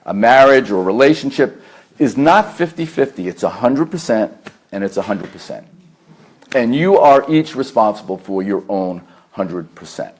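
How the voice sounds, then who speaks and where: A man with a New York accent, a therapist lecturing a meditation group, earnest and deliberate, stacking repeated phrases with fillers. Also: lowish voice, lively intonation, slightly rough. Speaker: therapist giving a talk. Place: meditation center hall.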